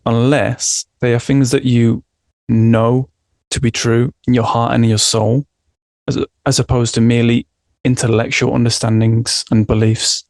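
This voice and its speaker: A man presenting a prepared film analysis in a measured, reflective way. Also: medium pitch, level tone, creaky, a little mellow, dry recording.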